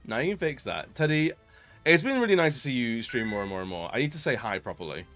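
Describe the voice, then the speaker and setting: A male variety streamer chats on a live stream in a sing-song, mid-range voice at a quick pace, with faint music in the background. He laughs a lot, greets his viewers warmly, and uses many fillers.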